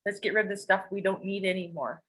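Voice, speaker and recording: Woman, podcast guest: candid, rambling, emotional confessional storytelling, mid-pitched, swears freely. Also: fast talker, a bit bright, rough recording. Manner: swears casually.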